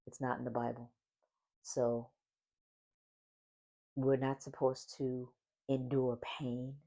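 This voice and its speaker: A man's voice: medium pitch, mellow. A man hosting a solo faith-based podcast, talking with a smile in his voice and repeating affirming phrases. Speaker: podcast host.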